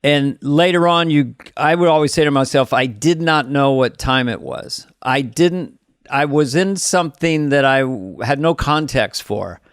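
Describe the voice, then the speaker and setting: A middle-aged man co-hosts a podcast with casual talk and dry joking asides. His voice sits a bit high and sounds close and dry. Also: unhurried, clear, resonant tone, no echo. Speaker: podcast host. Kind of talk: casual chat.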